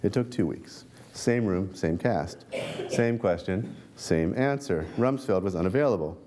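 At a talk, a male reporter and author with a low-pitched voice reads from his book, adding dry, wry asides, then answers questions with halting restarts. He's animated, and there's background noise.

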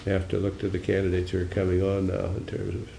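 A man's voice: low-pitched, monotone, fast, vocal fry, dark tone, reverberant, a little hiss or hum. An older man, a senator, giving a musing political talk with dry, wry humor and taking audience questions.

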